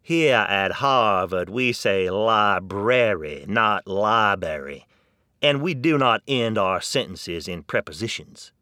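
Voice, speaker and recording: Man putting on a haughty Ivy League scholar, prim, condescending, deliberate, dry close sound. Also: on the low side, lively intonation, bright, forceful tone, no echo, full character voice. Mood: snooty. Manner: stiff, correcting, condescending.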